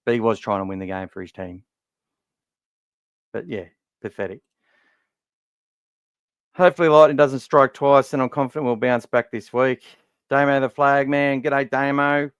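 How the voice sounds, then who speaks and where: A man's voice: medium pitch, normal speed, pauses often, clear, resonant tone, dry recording, lo-fi sound. Blunt, sweary Australian man with a worn voice. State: voice worn from talking all day. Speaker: podcast host. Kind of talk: casual fan podcast chat. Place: warm room at home.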